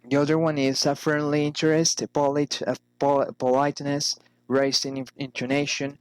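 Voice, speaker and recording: A man reading English pronunciation drills aloud, careful and halting, with frequent pauses. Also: medium pitch, steady tone, smooth, no room sound, rough recording. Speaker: English learner.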